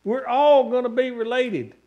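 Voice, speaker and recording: Preaching in a church sanctuary, a man with a very high-pitched voice works through long, repeated emphatic lists and calls for amen, speaking a little slowly. The sound is lo-fi.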